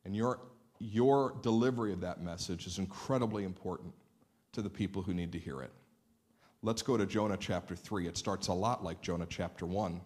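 A man preaching a sermon, reading scripture dramatically and then speaking in relaxed, conversational asides. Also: deep voice, a little fast. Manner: dramatic scripture reading, rising loud on quoted lines. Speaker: pastor.

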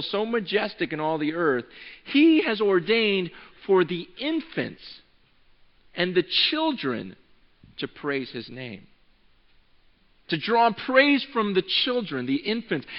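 A young adult man preaching a conversational, animated sermon to his congregation, stumbling and restarting as he goes. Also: high voice. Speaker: pastor. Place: church sanctuary. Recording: dull sound with long hall reverb.

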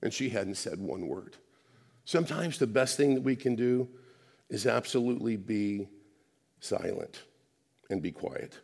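A man preaching a conversational sermon, often restarting words and dropping soft for emphasis. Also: mid-range voice, lively intonation, normal speed, long reverb tail.

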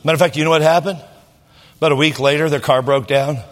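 A man's voice: fairly high pitch, fairly even intonation, quick pace, in a large hall. A man preaching a sermon in a church, telling stories conversationally with jokes and restarts. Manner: conversational, jokey, with many restarts. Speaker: pastor. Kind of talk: sermon with storytelling. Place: church sanctuary.

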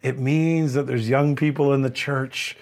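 Guy softly voicing a sweet old church lady in her 80s, gentle and quiet. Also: medium pitch, fairly even intonation, a little slow, lightly acted. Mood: tender. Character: sweet elderly woman in her eighties.

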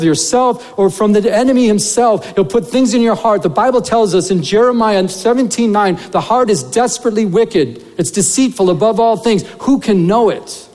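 High-voiced earnest man preaching in a reverberant hall. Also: a little mellow. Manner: earnest, conversational preaching with many fillers and repeated words. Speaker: pastor. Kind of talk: sermon.

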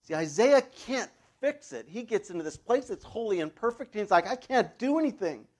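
A male pastor delivers a sermon in an easygoing, conversational way, full of fillers and side remarks. His voice sits a little high, and it climbs and gets louder when he drives a point home. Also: a little fast. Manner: conversational, loose asides and fillers; animated, rises in pitch and volume for emphasis.

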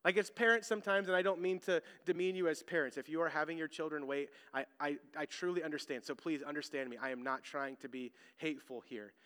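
A man in his thirties, a pastor preaching a sermon, telling stories with loud emphasis and hushed asides. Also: a little high, fairly even intonation, quick pace, hardly any pauses, clear, resonant tone, in a large hall.

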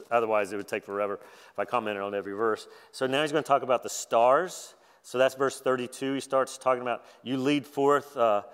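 A man preaching at a conference in a relaxed, conversational way, poking fun at himself. His voice sits at an ordinary middle pitch. The sound carries a long reverb from a big hall. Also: clean tone. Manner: conversational, self-deprecating preaching with laughs. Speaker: conference speaker. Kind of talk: sermon.

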